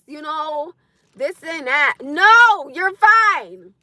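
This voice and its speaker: A young adult woman ranting bluntly on a casual livestream, animated and laughing often. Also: high voice, slow, no echo. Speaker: livestream host.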